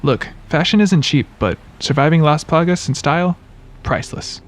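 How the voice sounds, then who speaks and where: A man's voice: fairly high pitch, moderate pace. A man giving scripted video-game trivia narration, with wry, joking asides.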